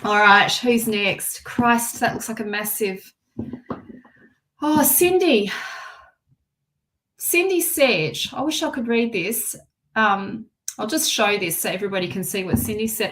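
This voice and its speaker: A woman with a fairly high voice hosts a live tarot reading stream. She circles back over the same phrases again and again and stops to read viewer comments aloud. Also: sing-song, measured pace, fairly bright tone. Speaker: tarot reader.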